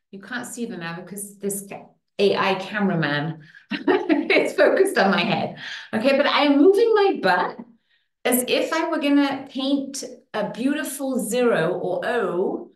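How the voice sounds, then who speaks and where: A woman leading a guided affirmation exercise online, stretching out affirmations slowly with playful asides. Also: medium pitch, echoey room. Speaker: workshop leader.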